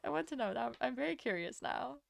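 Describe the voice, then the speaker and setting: A young woman from Latvia, a streamer chatting casually with her chat while she draws, rambling and answering with quick laughs. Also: high-pitched, animated, creaky, no room sound. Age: young adult.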